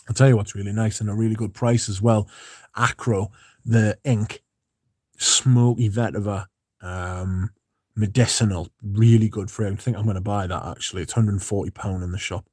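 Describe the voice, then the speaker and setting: A man's voice: fairly low pitch, moderate pace, dry recording, studio quality. A man hosting a fragrance livestream, chatting casually and rambling between comments. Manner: relaxed, rambling, chatty with fillers.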